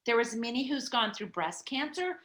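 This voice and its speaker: Middle-aged woman, podcast guest, higher voice, bright tone, chatty, echoey room. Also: moderate pace. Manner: chatty, animated, with many fillers. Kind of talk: candid personal storytelling.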